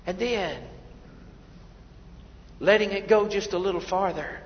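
A man preaching a sermon as pastor, swinging between hushed passages and loud, impassioned ones. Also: high-pitched, a little slow, a little hiss or hum. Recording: dull sound in a reverberant hall.

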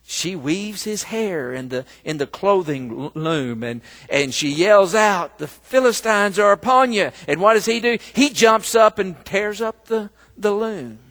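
A man preaching a sermon, telling a story slowly and breaking into loud, emphatic bursts. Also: sits high, animated. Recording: long reverb of a large hall.

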